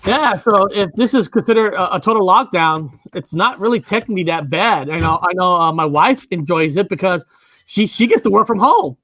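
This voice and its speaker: A man's voice: high voice, animated, moderate pace, pushed and bright, no room sound. A man from Washington state hosting a casual interview over a video call, talking loosely with lots of ums and uhs. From United States, Washington state. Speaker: online show host.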